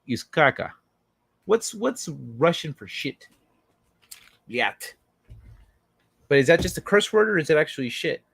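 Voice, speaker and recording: A man's voice: fairly high pitch, very animated, a little slow, vocal fry, pauses often, husky. A man hosting a casual livestream, rambling through tangents, reading chat comments aloud, laughing often and swearing freely. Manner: rambling, with frequent fillers and tangents. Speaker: livestream host.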